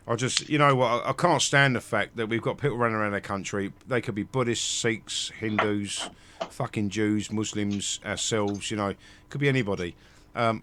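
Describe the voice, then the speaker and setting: A man's voice: fairly low pitch, a bit bright. Brief: male host, heated streamed rant, stumbling restarts, lots of swearing. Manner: rambling, swearing, frequent restarts. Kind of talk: heated live stream talk.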